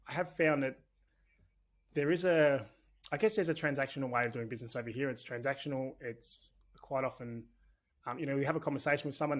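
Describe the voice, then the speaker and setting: A man with an Australian accent, talking as a podcast guest in a chatty, candid, rambling way. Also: medium pitch. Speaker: podcast guest, business owner. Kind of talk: casual conversational interview.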